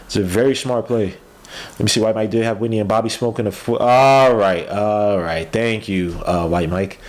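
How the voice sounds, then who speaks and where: A tired man hosting a podcast, giving casual live play-by-play commentary, excitable and yelling at plays. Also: fairly low pitch, normal speed. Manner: excitable, yells at plays, trails off mid-word. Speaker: podcast host doing a game watch-along.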